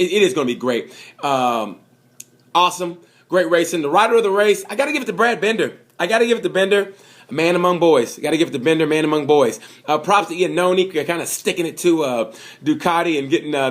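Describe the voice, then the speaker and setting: A man talks to the camera about a race he watched, in a casual, wandering way. He is chatty and enthusiastic, piles on fillers and asides, and keeps repeating his points. His voice sits a little high for a man. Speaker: vlogger reviewing a motorcycle race. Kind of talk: casual rambling commentary to camera.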